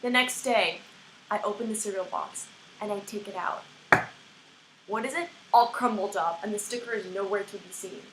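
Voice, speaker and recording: A woman's voice: medium pitch, normal speed, very noisy. A young woman with a put-on American accent, ranting to camera in exasperated, swearing bursts. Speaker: vlogger. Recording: echoey room.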